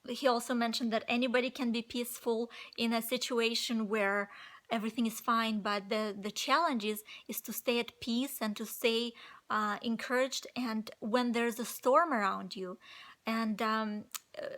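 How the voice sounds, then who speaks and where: A woman with a fairly high, slightly nasal voice and a non-native English accent talks to her viewers about staying positive. She rambles casually, restarting phrases and leaning on fillers as she goes. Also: fairly even intonation, normal speed, fairly bright tone. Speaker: vlogger. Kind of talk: casual motivational talk to camera.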